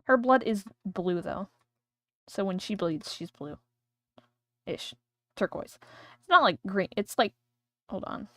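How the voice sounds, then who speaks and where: A woman's voice: medium pitch, lively intonation, slow pace, pauses often, sharp tone, dry recording. A woman streamer chatting casually and rambling while she draws on a livestream. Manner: chatty, rambling, thinking aloud.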